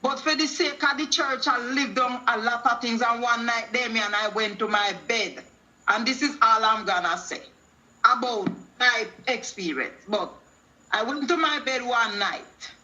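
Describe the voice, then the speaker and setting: A high-pitched Jamaican woman calls in to a talk show and tells her testimony like a sermon. She quotes scripture and slips into patois as she acts out what everyone said. Her voice rings bright and sharp. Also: unhurried. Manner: preachy storytelling, quoting scripture, acting out dialogue in patois. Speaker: caller.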